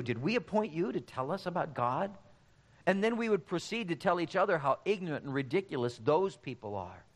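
Emphatic male preacher in a reverberant hall. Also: a little high. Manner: emphatic, direct address to the congregation. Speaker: pastor. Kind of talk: sermon.

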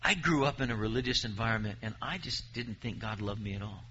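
A man's voice: lowish voice, quick pace, bright, forceful tone, muffled recording, slight background noise. A man preaching a sermon, reading scripture aloud and pressing his points with emphasis.

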